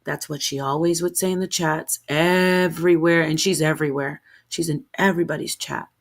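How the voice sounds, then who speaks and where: A woman's voice: deep voice, steady tone, normal speed. A woman streamer talking straight to camera in an unscripted rant, heated and defensive, rambling and restarting her sentences.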